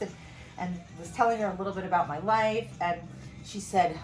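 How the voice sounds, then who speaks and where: A woman's voice: on the low side, moderate pace, faint music behind. A middle-aged woman chef giving a casual home cooking demonstration, chatty and rambling, full of asides. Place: home kitchen.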